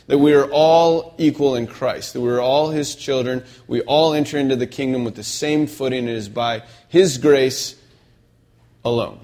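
Speaking at a medium pitch with a touch of mellowness, this man preaches as a pastor in a conversational manner and keeps checking in with his congregation.

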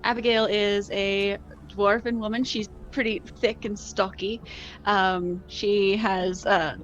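A woman with a mid-pitched voice plays a tabletop game. She is cheerful and giggly, describes her character eagerly and works her sums out aloud. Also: level tone, takes it slowly, dull audio. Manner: cheerful, giggly, fumbles with numbers. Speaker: player.

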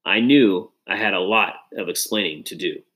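A man reading a children's adventure story aloud in an expressive, dramatic way. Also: deep voice, normal speed. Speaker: audiobook reader. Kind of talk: storybook narration.

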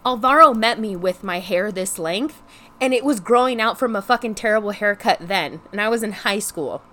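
A young woman telling a frustrated storytime vlog in casual chat, animated and exasperated, swearing freely and saying "like" constantly. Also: mid-range voice, normal speed. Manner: heavy use of "like" as filler. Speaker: vlogger.

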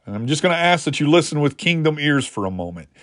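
A man's voice: fairly high pitch, sing-song, fast talker, a bit bright, dry recording, studio quality. A man preaching a sermon in an earnest teaching manner, lifting his voice to drive points home. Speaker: pastor.

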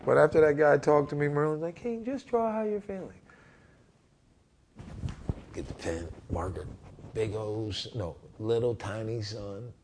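As a podcast interviewee, the middle-aged man, a basketball coach, shares his story candidly and acts out other people's words. His voice is lowish, and a little hiss or hum runs through the recording.

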